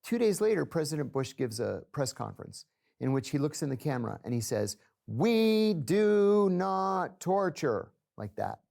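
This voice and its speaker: A man, a former intelligence officer, telling his story in an interview at a steady, deliberate pace. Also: medium pitch, gravelly.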